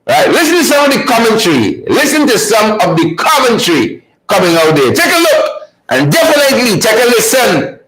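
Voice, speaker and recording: A man's voice: very high-pitched, very animated, moderate pace, a bit bright, echoey room, a little hiss or hum, low-quality recording. A man hosting a livestream show, commenting on a video with frequent laughter and mocking repetition. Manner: laughing, mocking, repeats phrases. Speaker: show host.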